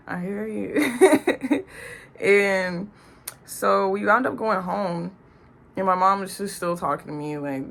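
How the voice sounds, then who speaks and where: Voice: mid-range voice, gravelly, a bit bright, a little hiss or hum. Young adult telling a slangy storytime. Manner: slangy and profane, acts out quoted lines. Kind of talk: casual storytime vlog.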